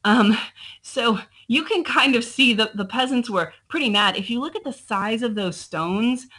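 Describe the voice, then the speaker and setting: A woman's voice: a little high, expressive, moderate pace, pushed and bright, rough recording. A woman teacher recording a slideshow lecture for her students, chatty and full of ums, talking straight to the class. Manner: chatty, frequent ums, addresses students directly. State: coughing, throat a bit choked. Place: at a computer, screen recording.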